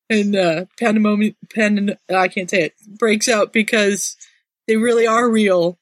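A woman's voice: medium pitch, steady tone, moderate pace, dry recording. A woman chatting casually, retelling a story with amusement. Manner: amused, retells plot with relish. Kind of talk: casual chat.

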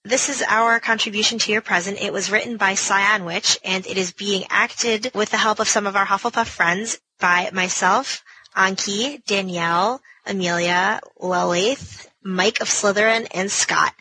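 Bright woman giving a birthday greeting. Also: medium pitch, steady tone, measured pace, slight background noise, rough recording. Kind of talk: recorded birthday message.

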